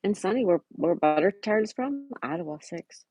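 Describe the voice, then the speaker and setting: A woman's voice: lowish voice, animated, moderate pace, a little mellow. A woman hosting a casual livestream, chatting and reading out viewers' messages and greeting them by name. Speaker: livestream host. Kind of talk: casual live-chat reading.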